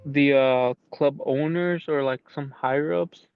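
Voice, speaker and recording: A man's voice: on the high side, fairly even intonation, measured pace, clear, resonant tone, no echo, lo-fi sound, soft background music. A man co-hosting a football podcast, talking casually and hesitantly with many fillers. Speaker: podcast co-host.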